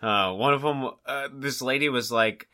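A man's voice: mid-range voice, normal speed. A man co-hosting a podcast, telling a story in casual chat, saying "like" often and acting out what people said. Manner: animated storyteller, heavy use of "like", acts out quoted people. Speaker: podcast co-host.

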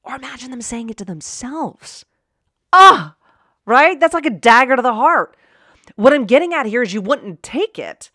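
Animated woman giving a personal motivational talk. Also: fairly high pitch, moderate pace, slightly rough, no echo, clean studio sound. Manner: conversational, swings from quiet musing to loud emphatic outbursts. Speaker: podcast host.

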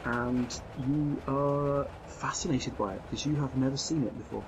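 A man narrating as game master of a tabletop role-playing game, describing scenes with frequent pauses and restarts. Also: mid-range voice. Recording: dull lo-fi sound, faint noise.

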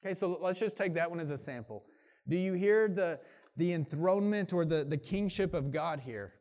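A middle-aged pastor preaching a sermon in a conversational way, often saying "like" and restarting sentences. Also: male voice, a little high, normal speed, a little mellow.

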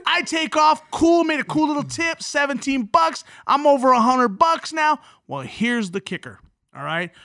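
A man co-hosting a podcast, telling a story in a casual, profane and animated way. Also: extremely high pitch, normal speed, no room sound, clean studio sound. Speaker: podcast co-host, comedian.

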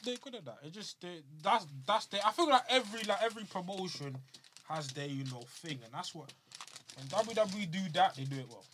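A man chatting casually about wrestling as a podcast co-host, excitable and slangy, telling stories with animation. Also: high-pitched, a little fast, crowd noise.

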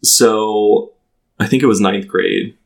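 A man in his thirties telling a personal story as a guest in a casual chat, halting and full of "like" fillers and restarts. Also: fairly low pitch, steady tone, creaky. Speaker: podcast guest.

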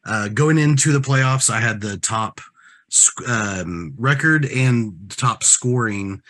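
A man talking on a casual podcast, hesitant and full of ums, trailing off quietly. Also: medium pitch, slow. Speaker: podcast co-host. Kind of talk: casual chat.

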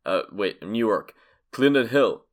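A man's voice: fairly low pitch, animated, a little slow. A man from London, co-hosting a casual chat in a playful, wordy and slightly formal way. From London, England. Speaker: podcast co-host.

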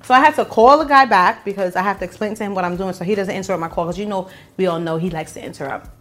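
A young woman co-hosts a casual on-camera podcast chat, telling stories bluntly and with animation while eating as she talks. Her medium-pitched voice is a bit bright and very fast, with soft music in the background.

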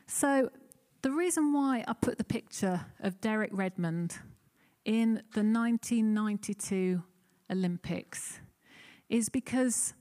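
A woman's voice: mid-range voice, darkish tone. A woman preaching a sermon in an earnest, conversational way, acting out the pleas she quotes.

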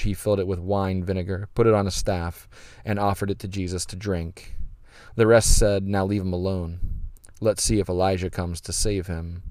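A man with a fairly low voice hosts a reflective podcast, reading scripture aloud and then teaching from it. His delivery is earnest and measured, with dramatic emphasis on key phrases. The sound is dry and close to the mic. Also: a little mellow, clear, resonant tone, no echo. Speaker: podcast host.

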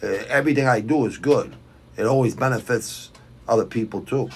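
A man's voice: mid-range voice, fairly quick, a little hiss or hum. Blunt, swearing middle-aged Boston man. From Southwest Quincy, Massachusetts. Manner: blunt, rambling, heavy swearing. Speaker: podcast host. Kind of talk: casual profane podcast rant.

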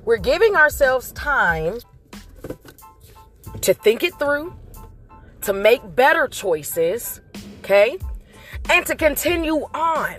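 A woman's voice: high-pitched, sing-song, takes it slowly, long pauses, fairly bright tone, soft background music. A woman hosting a motivational vlog, giving an earnest, faith-based pep talk that repeats its points to encourage listeners.

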